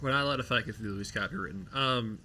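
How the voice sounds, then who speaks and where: A man's voice: mid-range voice, fast, a little hiss or hum. A man playing a tabletop role-playing game, joking and chatty. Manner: joking, animated. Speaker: player. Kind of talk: casual tabletop play.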